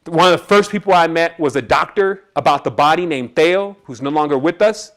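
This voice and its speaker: A man's voice: on the high side, a little fast, a bit bright. A man giving a casual, streetwise talk to an audience, telling a personal story and acting out the people in it. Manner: casual and streetwise, acts out quoted voices. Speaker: spiritual presenter.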